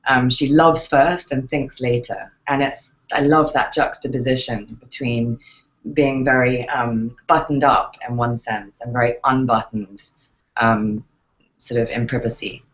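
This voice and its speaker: English actress answering interview questions. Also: female voice, very deep voice, steady tone, unhurried, muffled recording. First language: English accent in real speech. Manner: thoughtful, hesitant, many fillers and restarts.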